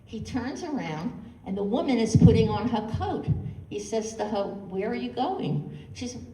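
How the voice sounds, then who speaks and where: A woman's voice: fairly high pitch, big pitch swings, normal speed, mellow, reverberant, far from the mic, low-quality recording. A woman telling stand-up jokes one after another, punching up the punchlines. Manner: punchy storytelling, voices raised for punchlines. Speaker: stand-up comedian.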